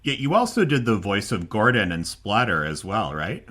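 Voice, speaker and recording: A man hosts an interview podcast and asks his guest steady, prepared questions. His voice is very low and has a bright edge. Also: normal speed. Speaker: podcast host.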